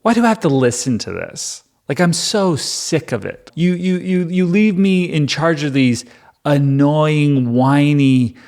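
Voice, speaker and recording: A man voicing a whiny, exasperated male leader who is fed up with the people he leads, in a high, exaggerated complaining tone. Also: expressive, unhurried. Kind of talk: comedic paraphrase of scripture.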